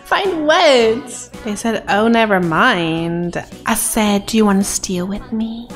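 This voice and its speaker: A woman giving playful gameplay commentary in an excitable way, often gasping and giggling. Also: fairly high pitch, slow pace, soft background music. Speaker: gaming video creator.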